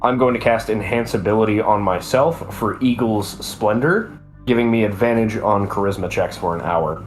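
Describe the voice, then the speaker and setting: A man playing a tabletop game, describing his character's actions in a halting, hesitant way. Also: fairly low pitch, faint music behind. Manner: halting, hesitant with many fillers. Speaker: player.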